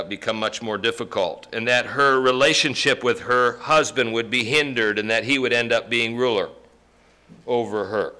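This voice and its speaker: A man preaching a sermon, joking with the congregation and breaking into loud emphasis. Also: medium pitch. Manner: folksy, joking asides with sudden loud emphasis. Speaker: pastor.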